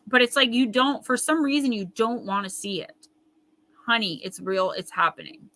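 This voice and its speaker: An intuitive tarot reader hosts a live card-reading stream, her voice a little high and pushed and bright at a normal speed, though the recording is rough. She talks straight to viewers in a chatty, emphatic way, reading their comments aloud and riffing on them.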